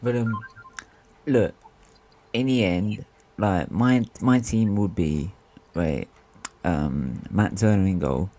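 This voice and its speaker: A man's voice: deep voice, slow, long pauses, mellow. A man hosting a live football stream, chatting casually and winding up his co-hosts with playful teasing. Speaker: stream host. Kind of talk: casual football fan banter.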